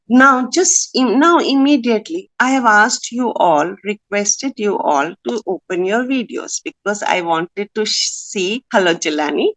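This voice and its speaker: A woman's voice: mid-range voice, a bit bright. A woman, who owns a skincare brand, giving an earnest, emphatic, persuasive talk in an online workshop over a video call.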